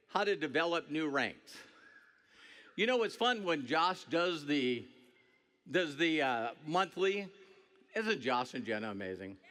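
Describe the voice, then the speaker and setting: A middle-aged man delivers a motivational talk on a stage mic to a large crowd. His fairly high voice jumps all over the place, and it stays bright and forceful. He jokes with the room and now and then breaks into a shout. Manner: animated, joking, breaks into shouts. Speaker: network marketing speaker. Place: stage before a large audience.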